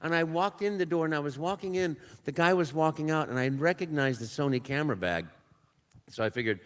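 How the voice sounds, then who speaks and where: An older man spins an anecdote for a convention audience, his voice sitting slightly high. He is animated, slipping into other people's voices and imitating little sounds, with a story told from the stage. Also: brisk. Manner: animated, acts out dialogue and sounds. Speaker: voice actor guest. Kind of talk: live panel storytelling. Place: panel room at a convention.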